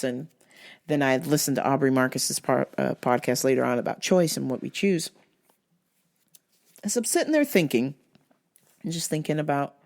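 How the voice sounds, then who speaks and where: A young adult woman hosting a vlog, telling a story in a blunt, profane, animated way. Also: deep voice. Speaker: vlog host. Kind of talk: casual storytelling monologue.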